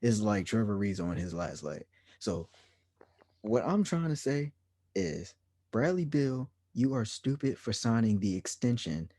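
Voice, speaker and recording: A man's voice: lowish voice, big pitch swings, a little slow, warm tone, dry recording. A man co-hosting a sports podcast, ranting in an exasperated, repetitive way. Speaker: podcast co-host. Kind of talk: heated sports podcast rant.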